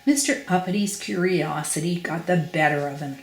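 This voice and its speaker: Storybook narration: older woman, lowish voice, expressive and emphatic, echoey room. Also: moderate pace. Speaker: grandparent reading aloud. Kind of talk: children's storybook reading.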